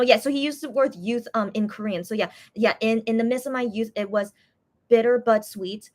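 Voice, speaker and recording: A young woman chatting casually on a live stream, reading viewer comments and translating messages with frequent pauses and restarts. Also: on the high side, fairly bright tone. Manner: hesitant, many restarts while translating.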